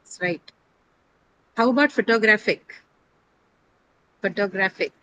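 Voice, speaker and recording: A woman teaching pronunciation in a classroom. She explains step by step, quizzes her students, stops to correct herself and often pauses on fillers. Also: medium pitch, sharp tone, a little hiss or hum, rough recording.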